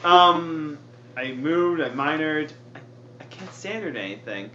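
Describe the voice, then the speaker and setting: A man's voice: on the high side, animated, a little slow, sharp tone. A man playing a tabletop game with friends, joking and complaining melodramatically about his luck. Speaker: player. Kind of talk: casual tabletop game play. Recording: dull lo-fi podcast audio with faint noise.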